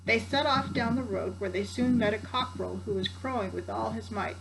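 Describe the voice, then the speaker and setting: A woman's voice: on the high side, brisk, vocal fry, background noise. An older woman, a grandmother, reading a children's story aloud with chatty asides to her grandsons. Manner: warm chatty asides to the listener.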